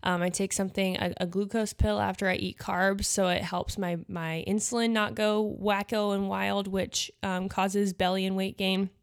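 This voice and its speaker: A woman's voice: mid-range voice, level tone, normal speed, creaky, hardly any pauses, smooth. A young woman from the Midwest hosting a podcast, talking casually and chattily with lots of fillers and asides. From Nebraska. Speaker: podcast host and pageant coach. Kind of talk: casual solo podcast talk.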